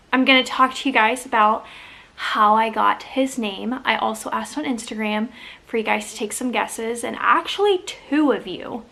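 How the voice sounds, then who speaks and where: A woman's voice: on the high side, vocal fry, bright, forceful tone. A middle-aged woman, chatting casually in a vlog, rambling with fillers and restarts. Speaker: vlogger.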